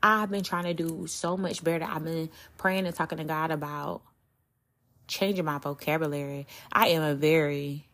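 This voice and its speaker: A young woman hosts her solo podcast in a candid, animated way. Her speaking voice sits a little lower than most women's. She talks in slang and curses freely as she confides in her listeners. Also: moderate pace. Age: young adult. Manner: talks straight to listeners, often asking "you hear me?". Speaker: podcast host. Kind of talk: casual solo podcast talk.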